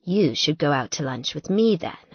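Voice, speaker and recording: A woman playing a smooth, coaxing young man. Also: sits low, very animated, normal speed, dry recording, highs cut off, pitched below the performer's own voice, full character voice.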